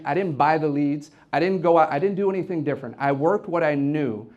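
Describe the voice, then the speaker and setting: Energetic man giving a motivational talk. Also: fairly high pitch, brisk, muffled recording. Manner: energetic, storytelling, repeats words when excited. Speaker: event host and real estate team leader. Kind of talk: motivational speech to a live audience. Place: office event space with an audience.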